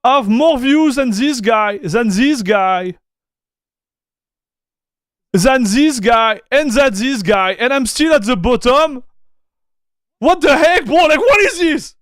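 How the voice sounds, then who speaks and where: A man, livestreaming and reacting to a video in excitable, slangy chat. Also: extremely high pitch, measured pace, dry recording, clean studio sound. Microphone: streaming desk mic.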